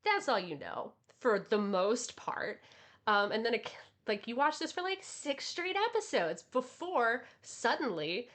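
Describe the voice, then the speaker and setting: A woman co-hosting a casual podcast, talking in a rambling, animated way with many fillers. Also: a little high, a little slow. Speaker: podcast co-host. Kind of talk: casual anime chat.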